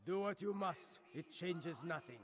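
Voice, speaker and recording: A man's voice: on the high side, lively intonation, measured pace, fairly bright tone. An actor playing a fanatical male scholar in a video game, speaking in a fervent, proclaiming way.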